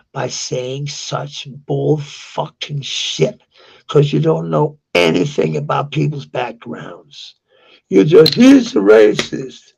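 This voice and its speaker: A man's voice: mid-range voice, creaky, slightly rough, highs cut off. A man with a Danish accent ranting heatedly to camera, swearing and repeating himself. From Denmark. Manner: heated, profane, repetitive ranting. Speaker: vlogger. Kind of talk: angry rant to camera.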